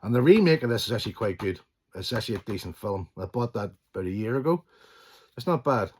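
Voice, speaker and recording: A middle-aged man with a lowish voice talks through his favourite films in a loose, casual way. He is enthusiastic and swears freely. His sentences often drop into softer, trailing remarks. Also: expressive, quick pace, breathy edge. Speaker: channel host. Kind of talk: casual film collection chat.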